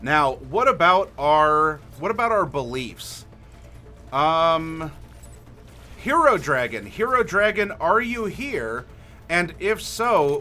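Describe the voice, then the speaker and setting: A man hosting a livestream as game master, friendly and unhurried, asking chat for dice rolls and pausing with fillers. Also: a little high, pushed and bright. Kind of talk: livestream character creation, talking to chat.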